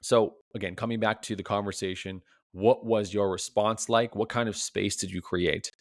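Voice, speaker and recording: A man's voice: on the low side, fairly even intonation, moderate pace, no echo, clean studio sound. A man as a relationship coach, giving a reflective solo podcast talk full of rhetorical questions, often tagged with "right?".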